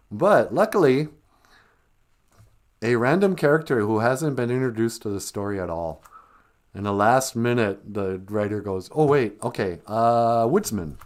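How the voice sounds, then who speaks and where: A man hosting a live stream, retelling a children's story in a wry, sarcastic comedic way. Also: mid-range voice.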